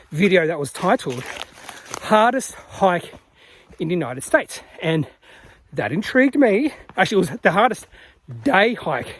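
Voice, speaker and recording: A man chatting casually and rambling with fillers while filming himself on an outdoor rainforest trail. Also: high-pitched. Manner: chatty, rambling, lots of fillers and self-corrections. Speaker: hiking vlogger. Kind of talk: casual vlog narration while hiking.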